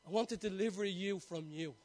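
A preacher doing the hushed, gentle voice of God. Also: male voice, high voice, brisk, pitched below the performer's own voice, natural voice. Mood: earnest. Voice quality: hushed, soft-spoken. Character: God, gentle intimate male divine voice.

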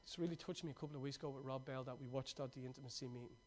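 A man preaching a sermon, moving from lively, laughing stories to quiet, urgent exhortation. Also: mid-range voice, very fast, a little hiss or hum. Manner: swings from excited, laughing storytelling to hushed, urgent exhortation.

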